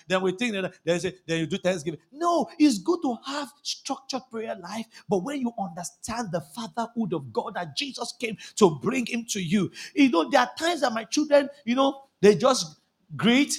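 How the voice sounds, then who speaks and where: Male pastor, fiery sermon style, high gravelly voice, leads call-and-response. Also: expressive, normal speed. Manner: impassioned, calls out for congregation responses. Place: church service.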